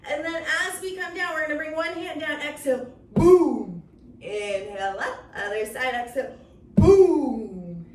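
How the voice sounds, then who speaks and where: A woman's voice: high-pitched, steady tone, a little fast, hardly any pauses, a bit bright. A woman leading a children's yoga story time, encouraging and playful, making silly animal sounds along the way. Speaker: kids yoga instructor. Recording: roomy, from a distance, faint noise.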